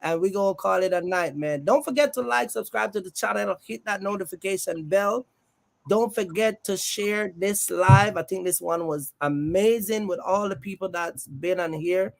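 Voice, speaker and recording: A man's voice: sits high, normal speed, creaky. A man hosting a casual livestream about a trucking business, joking with guests and reading the chat aloud in a loose, friendly way. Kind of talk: casual live-stream chat.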